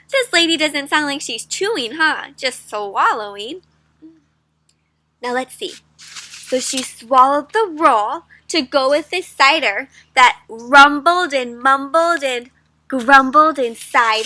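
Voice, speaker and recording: A young woman hosting an interactive children's read-aloud, animated and teacherly, stopping to ask the listener questions. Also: high voice, dry recording.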